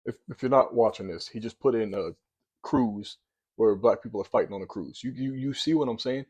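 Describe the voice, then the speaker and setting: Male commentator, casual reaction talk, pushy and argumentative, warm low timbre. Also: fairly quick. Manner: animated, argumentative, repeats words when pressing a point.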